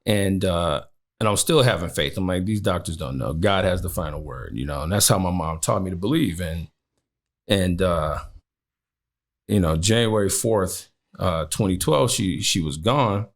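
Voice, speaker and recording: A man's voice: low voice, moderate pace. A man in his thirties from Chicago, a podcast guest telling a personal story with many "you know" fillers.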